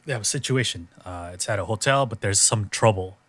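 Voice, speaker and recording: A man hosting a podcast in casual chat, recapping with a relaxed, filler-heavy storytelling manner. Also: lowish voice, brisk, dry recording. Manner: laid-back storytelling with lots of fillers. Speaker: podcast host.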